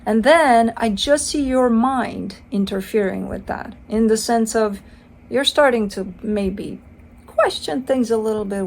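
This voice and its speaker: A woman's voice: a little high, a little slow, gravelly. A woman giving a casual tarot card reading, chatty and playful, swearing casually and acting out the listener's side. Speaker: tarot reader.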